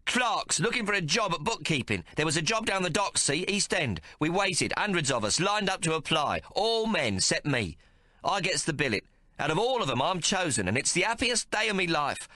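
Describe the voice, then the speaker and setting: A fierce old mother with a coarse, scolding way of speaking, as a male narrator puts her on. The voice sits high and swings widely in pitch, with a bright, sharp edge. It sounds like a storybook reading in a dry booth. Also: sing-song, normal speed, dry recording. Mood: furious. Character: fierce old working-class mother, tough and bitter. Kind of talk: audiobook character voice.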